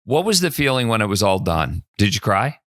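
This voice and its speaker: A man's voice: fairly low pitch, big pitch swings, fairly quick, fairly bright tone. A man hosting a casual interview, nudging his guest's story along with short questions. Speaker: host.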